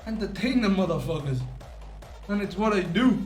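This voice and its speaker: Tired cocky guy streaming, swears a lot, kinda high voice, roomy echo. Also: lively intonation, normal speed, darkish tone, faint music behind. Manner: brash, boastful, profane. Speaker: livestreamer. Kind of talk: casual live-stream chat.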